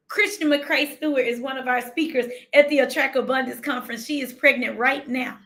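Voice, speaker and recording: A woman preaching a livestream sermon, fervent and emphatic, repeating her phrases and slowing down to read scripture, close to tears. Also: high-pitched, fairly even intonation, fairly bright tone. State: near tears.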